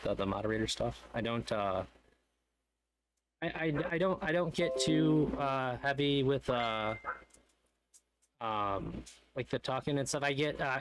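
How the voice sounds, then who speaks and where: A young man interviewing a guest in casual chat on a voice call, halting and full of fillers and restarts, swearing casually. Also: mid-range voice, a little hiss or hum.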